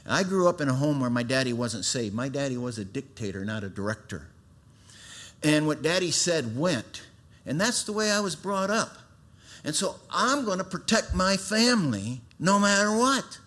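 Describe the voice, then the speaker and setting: A middle-aged man giving a sermon testimony in a folksy storytelling way, swinging from loud emphatic bursts to hushed, earnest tones. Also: a little high, expressive, moderate pace.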